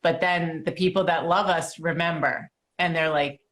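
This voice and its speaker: Low-voiced woman podcast host. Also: fairly even intonation, moderate pace. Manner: conversational, affirming and personal. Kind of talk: podcast interview.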